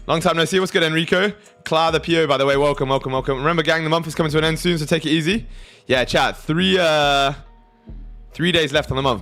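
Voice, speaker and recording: A man's voice: a little high, fairly bright tone. Crude, casual male livestream host. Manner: loose, crude, reads chat aloud.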